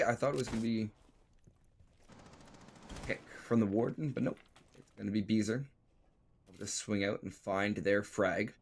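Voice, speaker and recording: A man's voice: lowish voice, normal speed, gravelly, long pauses, a little hiss or hum. A man doing color commentary on an esports match, laughing easily and taking teasing in good humour. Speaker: esports co-caster.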